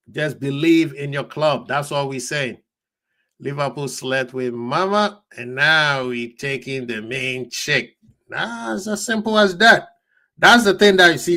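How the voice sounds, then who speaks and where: A man hosting a football fan live stream, talking casually and excitedly to his chat, laughing often. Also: a little high.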